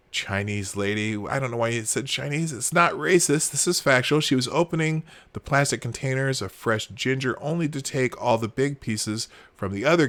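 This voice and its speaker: A man hosting a livestream, reading posts aloud and reacting with exasperated, sarcastic commentary. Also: medium pitch. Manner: exasperated, sarcastic, swings between shouting and muttering. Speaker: livestream host.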